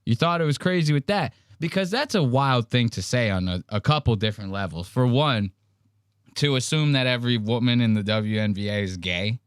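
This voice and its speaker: A man's voice: medium pitch, fairly quick, clean tone, no room sound, studio quality. A man hosting a podcast, telling crude stories and mimicking others in a profane, mocking way. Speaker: podcast host. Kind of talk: crude comedic podcast commentary.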